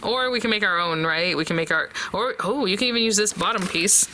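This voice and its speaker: A woman's voice: medium pitch, brisk, bright, forceful tone, slight background noise. A woman hosting a casual papercraft tutorial, chatty and thinking aloud as she talks to her viewers. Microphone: close desk mic.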